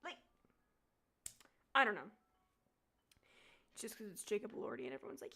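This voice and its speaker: A woman in her twenties chatting casually while playing a game, swearing freely and laughing often, reading game lines aloud quietly. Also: medium pitch, sing-song, moderate pace, long pauses, slightly rough. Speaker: streamer.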